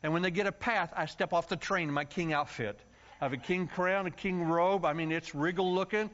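A man from the United States preaching a story-filled sermon, acting out voices and yelling for comic effect. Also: high-pitched, brisk. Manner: animated, acts out voices and yells for comic effect. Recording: dull lo-fi sound.

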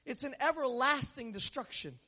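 A man preaching with an unusually high voice for a man. He talks to his listeners in a loose, conversational way and slips joking stories into his sermon. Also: lively intonation, moderate pace, pushed and bright.

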